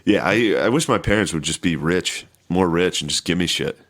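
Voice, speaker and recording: A young man co-hosting a podcast in casual chat, joking in a deadpan way with quick quips. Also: low voice. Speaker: podcast co-host.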